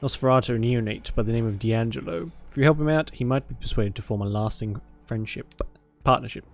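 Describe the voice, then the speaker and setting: A man's voice: medium pitch, brisk, vocal fry. A man streaming a story game, reading its narration aloud with dramatic flair and breaking off for cursing asides.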